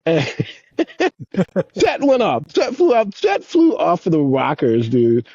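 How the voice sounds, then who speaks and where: A man in his fifties, a guest on an interview show, telling rambling, profane stories in a casual, animated way. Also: fairly high pitch, takes it slowly, no room sound, highs cut off. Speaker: guest, former pro skateboarder. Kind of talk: casual storytelling.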